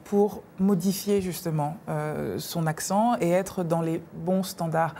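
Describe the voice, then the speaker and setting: A woman co-hosting a bilingual talk show in a lively, teasing way, and she laughs easily. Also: lowish voice, unhurried, vocal fry, a little hiss or hum. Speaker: co-host.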